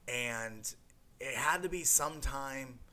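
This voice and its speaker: A man's voice: mid-range voice, slow, a loud crowd. A young adult man telling his recovery story in an interview, rambling with many fillers and restarts. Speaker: guest sharing a recovery story. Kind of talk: emotional personal testimony.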